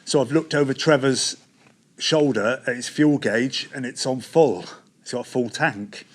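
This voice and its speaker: Middle-aged Devon man, plain testimony storytelling, acts out quoted dialogue, halting restarts. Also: medium pitch. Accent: Devon English. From England. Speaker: testimony speaker.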